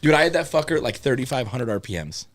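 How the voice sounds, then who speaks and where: A man telling a long, rambling story in a casual podcast chat, swearing a lot and correcting himself as he goes. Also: mid-range voice. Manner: rambling and animated, heavy swearing, quick self-corrections.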